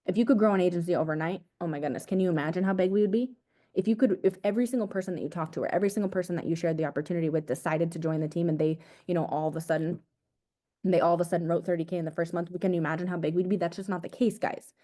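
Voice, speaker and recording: A young woman, an agency owner, gives an energetic, casual motivational talk to her team over a video call, repeating her points and calling them "guys". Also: on the low side, rapid-fire. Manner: energetic, repetitive, casual slang like "dude" and "guys".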